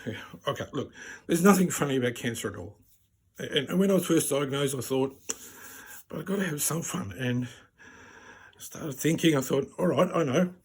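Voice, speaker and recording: A man with a raspy voice, telling wry, self-deprecating stand-up stories. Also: mid-range voice, animated, moderate pace, pauses often, a little mellow. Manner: wry and self-deprecating, laughs at his own jokes. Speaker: stand-up comedian. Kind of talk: stand-up storytelling.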